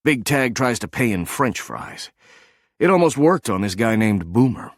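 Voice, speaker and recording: A man's voice: medium pitch, sing-song, moderate pace, dry recording. A man voicing a loyal, protective friend who speaks firmly and solemnly in an audiobook. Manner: firm, solemn.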